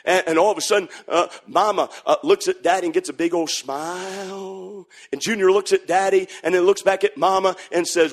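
A man preaching a sermon, shouting in sing-song bursts and then dropping to a hush. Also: sits high, fairly even intonation, normal speed.

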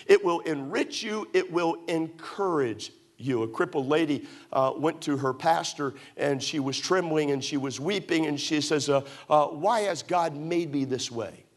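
A man's voice: fairly high pitch, normal speed, few pauses. A middle-aged man pastor preaching a sermon, telling stories with emphatic repetition.

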